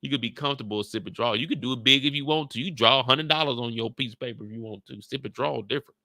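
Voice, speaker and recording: Casting: slangy laid-back male host, gravel in the voice, dry close sound. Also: mid-range voice, racing, bright, forceful tone, no room sound. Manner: laid-back, slangy, repeats his points. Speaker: YouTube show host. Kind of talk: casual recap chat.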